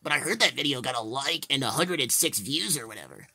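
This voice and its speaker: A man doing a gravelly, bright cartoon toy. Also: medium pitch, very animated, quick pace, heavily acted. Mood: curious. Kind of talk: toy-figure fan play.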